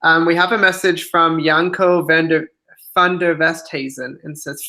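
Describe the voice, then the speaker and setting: A host runs a casual livestream interview over a webcam mic, speaking at a middle pitch. The host listens attentively, backs the guest with steady mm-hmms, and asks open questions. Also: measured pace. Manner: attentive, frequent mm-hmm backchannels.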